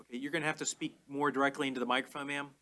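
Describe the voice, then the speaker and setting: A man presiding as judge in a courtroom, explaining orders in a measured, plain way. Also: medium pitch, flat delivery, pushed and bright. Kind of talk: courtroom proceedings.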